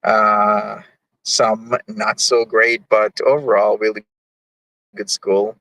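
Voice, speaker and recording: A young man from Jamaica chats on his livestream in a rambling, easygoing way and reads out chat messages. He talks unhurriedly and his voice is bright and forward. The sound is dry and close. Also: on the low side, flat delivery, slow, dry recording, poor audio. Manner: rambling, easygoing, many fillers. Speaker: livestream host. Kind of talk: casual chat, reading chat messages.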